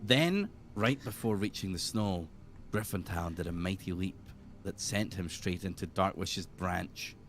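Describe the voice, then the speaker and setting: A man's voice: deep voice, unhurried, fairly bright tone, soft background music. A young man amusedly reading aloud his own old role-play narration, chuckling as he goes.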